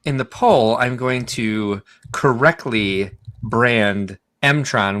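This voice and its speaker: A man's voice: medium pitch, drawn-out words, a bit bright, no room sound. A man hosting a casual chat show, laid-back and dry in his joking. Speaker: host.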